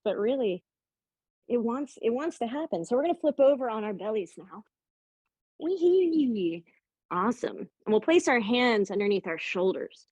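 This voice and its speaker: A woman's voice: a little high, darkish tone, dry recording. A woman teaching a yoga class, guiding poses in an upbeat, playful way and sometimes talking while holding a pose herself. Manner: upbeat and playful, with light jokes. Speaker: yoga instructor. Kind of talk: guided yoga class instruction.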